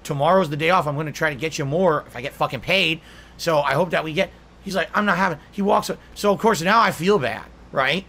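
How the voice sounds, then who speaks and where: A man's voice: fairly high pitch, fairly quick, sharp tone. A man telling a rambling, repetitive story in a self-pitying way, played back from a clip.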